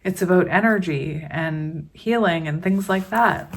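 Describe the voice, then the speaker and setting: A woman chatting casually through a tarot card reading for her viewers, slow and unhurried, with frequent giggles. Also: on the low side, creaky. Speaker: tarot reader.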